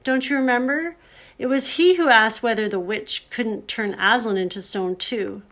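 A woman voicing a small, tender-hearted girl, speaking softly and miserably, almost in a whisper. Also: a little high, normal speed. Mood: miserable. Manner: soft, near whisper, miserable.

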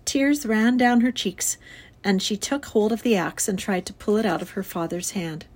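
A woman teacher reading a children's novel aloud to her class in a clear, expressive storytelling voice. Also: medium pitch, normal speed. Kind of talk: read-aloud children's book.

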